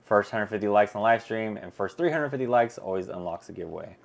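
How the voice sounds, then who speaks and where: A man's voice: fast, vocal fry. A man hosting a casual theme park chat show, playful and joking. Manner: playful, joking, lively pitch. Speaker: host.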